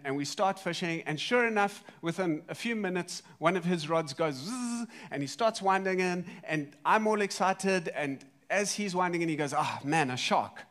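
Lively preacher man. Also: a little high. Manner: lively storyteller, swings from loud to soft. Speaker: pastor. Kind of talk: sermon.

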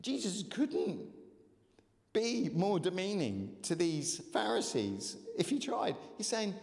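Male pastor, sermon, fairly high voice, animated, long hall echo. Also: slow pace, creaky. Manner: animated, urges congregation to call out; many fillers and restarts. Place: church hall.

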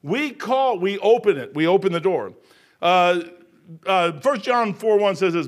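A man's voice: high-pitched, animated, unhurried. A man in his sixties preaching a sermon in an emphatic, folksy, repetitive way. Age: 60s. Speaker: pastor.

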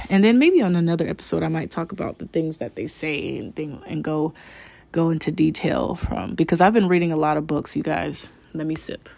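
A woman's voice: low-pitched, normal speed, creaky, dry recording. A young woman hosting a casual spiritual podcast, rambling with many fillers and restarts and calling her listeners "y'all". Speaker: podcast host.

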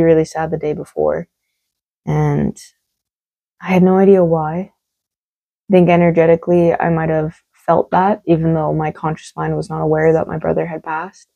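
Candid, gravelly-voiced woman podcaster. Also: deep voice, mellow, rough recording. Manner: candid and emphatic, swears freely, repeats words for stress. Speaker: podcast host. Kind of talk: solo podcast monologue.

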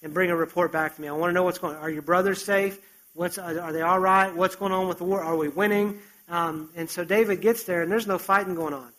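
A man preaching a sermon, retelling a story with animated, conversational asides. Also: high voice, fast, rough recording.

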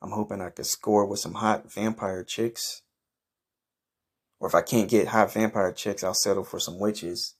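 A man with a deep, low voice narrates his own comic misadventure in a brash, swaggering way. He swears constantly and flares up in shouting outrage. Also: fairly even intonation, unhurried, breathy edge. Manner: crude, profane, brash and swaggering. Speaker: comedy podcast host. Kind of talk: improvised first-person comic narration.

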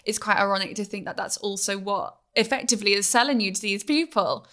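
A woman's voice: medium pitch, brisk, pushed and bright. A Welsh woman hosting an interview, asking conversational, probing questions. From Wales. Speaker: podcast host.

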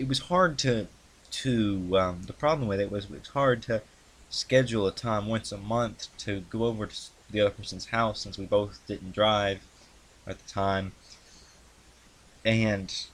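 A young man casually recounting the story of his video channel, rambling with many ums and restarts. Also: lowish voice. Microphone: handheld mic he adjusts.

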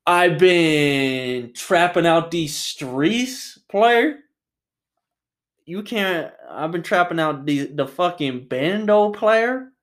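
A man's voice: on the high side, expressive, extremely slow, voice pushed up. A man doing a swaggering street hustler. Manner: boastful, ends each line with "player".

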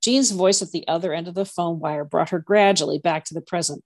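A woman co-hosting a podcast, reading a novel aloud in a steady storytelling manner. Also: fairly low pitch, a little fast, no room sound, clean studio sound. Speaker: podcast co-host, reader.

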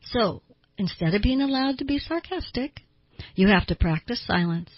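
A woman's voice: medium pitch, lively intonation, moderate pace, breathy edge, dry recording, dull audio. A woman hosting a self-help talk show, giving advice to listeners in an emphatic way and repeating words for stress.

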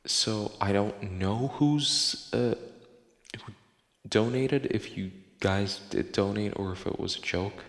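Sitting low with vocal fry and a slightly bright edge, a man runs a casual solo podcast. He curses in exasperation while reading posts from listeners out loud, and the recording carries the long reverb of an echoey room.

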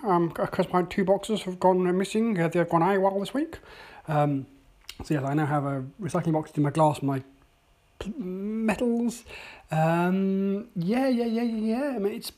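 This casual daily video diary, filmed indoors at home, features a coffee-tasting vlogger who rambles on with plenty of ums and jokes at their own expense. Their mellow, mid-range voice moves along at a moderate speed.

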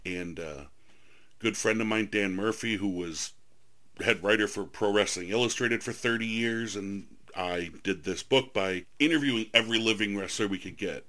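A man with a lowish voice and a bright, forceful edge hosts the interview. He chats casually and tells his anecdotes with enthusiasm. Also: moderate pace. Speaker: host, historian and author.

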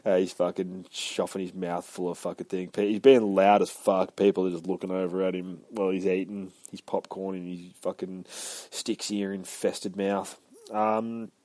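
A man with a lowish voice chats through a comic book review at an easy, rambling pace. He swears freely and gets animated when retelling scenes. The sound is close and dry. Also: normal speed, no room sound.

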